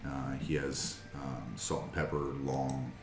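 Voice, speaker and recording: A man's voice: rumbling low, steady tone, takes it slowly, roomy sound, background noise. A man narrating a tabletop game as game master, with many hesitant fillers.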